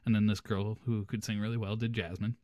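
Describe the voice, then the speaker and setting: Young male podcast host, casual storyteller, animated, close dry mic. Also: fairly low pitch, quick pace, no room sound. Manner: animated, laughs through his story.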